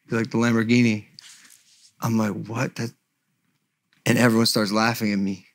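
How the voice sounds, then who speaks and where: A man's voice: on the low side, level tone, moderate pace. A young man hosting a podcast, telling a story in casual, profane, emphatic speech. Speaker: podcast host.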